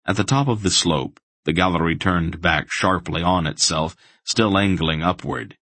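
A man narrating a fantasy audiobook in a steady, measured way. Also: sits low, husky, dry recording.

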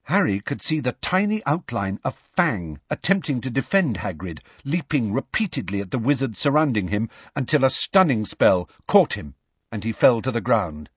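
Male narrator, husky, lively delivery, dry and slightly dull recording. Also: medium pitch, normal speed, dry recording. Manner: lively, expressive storytelling. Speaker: audiobook narrator. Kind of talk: scripted narration.

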